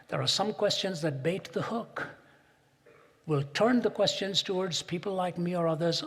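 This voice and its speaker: A man's voice: on the high side, a bit bright, breathy edge. A man giving a public lecture, rhetorical and building to emphatic peaks, recorded in a large auditorium. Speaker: speaker. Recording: long reverb in a big hall.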